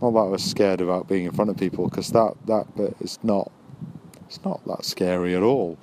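A man's voice: deep voice, fairly even intonation, brisk, dark tone, slight background noise. A man hosting a podcast, talking casually and musingly, with friendly encouragement. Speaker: podcast host and new stand-up comic. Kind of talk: casual late-night chat. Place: near a train line at night.

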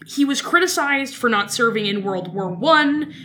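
A woman from Alberta, co-hosting a podcast and telling history in a casual, joking way with quick asides. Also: on the high side. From Canada, Alberta. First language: French. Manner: animated, jokey storytelling, quick asides. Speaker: podcast co-host.

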